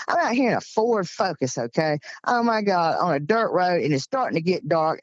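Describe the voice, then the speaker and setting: A Georgia woman in her sixties with a Southern accent, excitedly telling a story as an interview guest. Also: medium pitch, no room sound, muffled recording. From Georgia, USA. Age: 60s. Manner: animated, breathless retelling with exclamations. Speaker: guest telling encounter stories. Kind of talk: casual storytelling.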